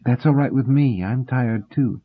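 A man reading the lines of a calm, practical adult woman in a husky voice, slightly raised. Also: mid-range voice, measured pace, voice pushed up. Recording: tinny phone-like sound.

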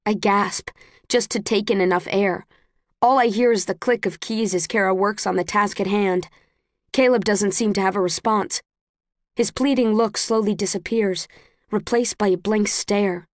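A woman narrating a first-person audiobook in a measured, tense storytelling manner. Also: mid-range voice, fairly even intonation, no room sound, studio quality.

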